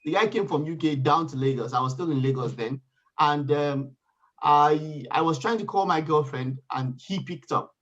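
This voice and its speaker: A man's voice: on the high side, moderate pace. A man telling a personal story in a casual panel chat, acting out what others said. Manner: animated storytelling, acts out quoted voices. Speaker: panel guest. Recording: dull lo-fi sound.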